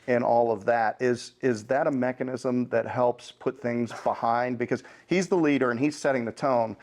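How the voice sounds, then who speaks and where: A man hosting a podcast, asking measured, reflective questions of his guest. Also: mid-range voice, steady tone, darkish tone. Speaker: podcast host. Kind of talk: interview questions.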